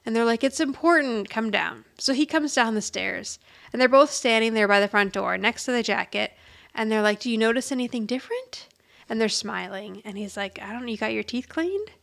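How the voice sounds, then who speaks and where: A woman with a fairly high, gravelly voice retells a TV episode in casual podcast chat. She acts out each character's lines and laughs often as she goes. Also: expressive, a little fast, a bit bright. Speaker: podcast co-host.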